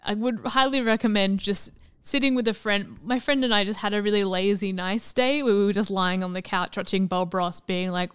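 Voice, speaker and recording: Brief: chatty woman on a game stream, very smooth clear voice, dry close sound, quick to laugh. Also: medium pitch, fairly bright tone, no echo. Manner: chatty, laughs often, swears freely. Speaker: streamer co-host. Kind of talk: casual chat over gameplay.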